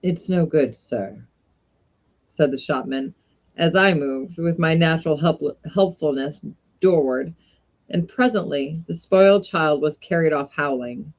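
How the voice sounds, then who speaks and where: A woman reading a classic short story aloud in an unhurried way, with brief casual asides. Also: low voice. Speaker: reader of short stories.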